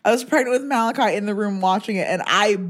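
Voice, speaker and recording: A woman's voice: medium pitch, fast talker. A woman co-hosting a casual podcast chat, easygoing and agreeable. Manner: easygoing, reacts with short agreements. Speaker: podcast co-host.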